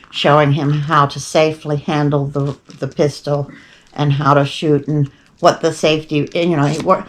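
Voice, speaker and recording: An older woman hosts a podcast, telling rambling, chatty stories packed with wry asides and frequent digressions. Her voice sits low with a fairly bright tone.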